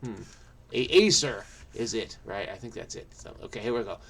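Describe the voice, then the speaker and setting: A man hosting his own channel, solving a crossword out loud in a casual think-aloud, frenetic and muttering to himself. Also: on the low side, expressive, breathy edge. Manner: frenetic, muttering to himself, quick bursts then trailing off. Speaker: crossword solver, channel host.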